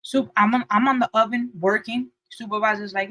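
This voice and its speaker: Bright-voiced young woman telling a lively story. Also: fairly quick, low-quality recording. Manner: lively, acts out quotes with shifting pitch and loudness. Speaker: podcast co-host. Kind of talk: animated storytelling chat.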